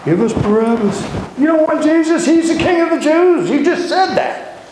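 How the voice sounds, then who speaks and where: A man's voice: sits high, very animated, moderate pace, gravelly, voice pushed up, exaggerated voice. Man playing a whiny, exasperated Roman governor. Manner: whiny, shouting and sarcastic. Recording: very echoey room with noise.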